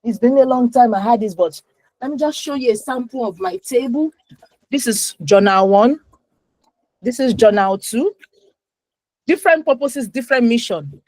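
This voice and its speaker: A woman in her thirties giving an animated, emphatic talk to a moms' group on a video call. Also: fairly high pitch, no room sound, rough recording. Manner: animated, emphatic, with repetitions and acted asides. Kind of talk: live online talk.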